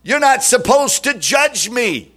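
A man's voice: sits high, very animated, takes it slowly, bright, forceful tone, exaggerated voice. A preacher mimicking an outraged churchgoer man. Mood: indignant. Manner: huffy, incredulous, mocking questions. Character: indignant offended modern churchgoer man.

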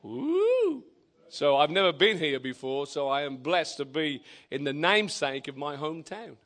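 An older man with an English accent, preaching a lively, joking sermon in a church. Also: fairly high pitch, moderate pace. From England. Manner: exuberant, shouting praise, joking with the congregation. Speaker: visiting preacher.

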